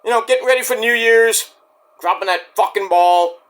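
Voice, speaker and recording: A man with a high voice delivers a rambling solo vlog. His tone is bright and forceful, and he talks bluntly and defiantly, swearing freely. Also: normal speed. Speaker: vlogger. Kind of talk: casual rambling monologue.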